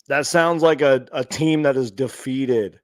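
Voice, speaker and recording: A man's voice: mid-range voice, a little slow, no room sound. A man hosting a sports channel, ranting live and reacting to clips with exasperated sighs. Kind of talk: late-night live rant reacting to clips.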